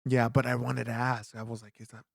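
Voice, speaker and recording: A man's voice: medium pitch, little pitch movement, brisk, creaky, no room sound, clean studio sound. A young adult man co-hosting a podcast, telling a story in casual chat with lots of restarts and fillers. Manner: rambling storyteller, many restarts. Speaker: podcast co-host.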